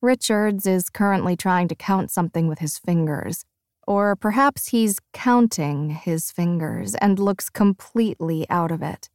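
Woman narrating an audiobook, unhurried. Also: lowish voice, darkish tone, no echo, clean studio sound. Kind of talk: first-person audiobook narration.

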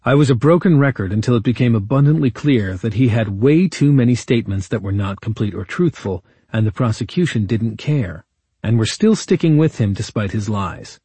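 A man narrating a memoir audiobook in a measured, wry storytelling manner, as a defense lawyer recounting events. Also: medium pitch, lively intonation, mellow, slightly rough, dry recording.

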